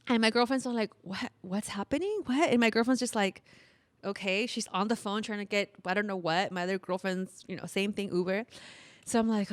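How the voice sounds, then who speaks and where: A woman's voice: medium pitch, brisk, no room sound. A woman in her thirties co-hosting a podcast, telling a story in casual chat with lots of laughter and acted-out quotes. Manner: animated, laughs often, acts out quotes. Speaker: podcast co-host.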